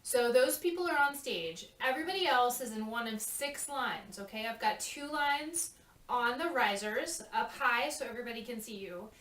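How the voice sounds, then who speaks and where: A choreographer walks a youth cast through a dance routine in a fairly high, expressive, slightly bright voice at normal speed. She's chatty and keeps checking in with "okay?", recorded in an echoey room with a distant mic.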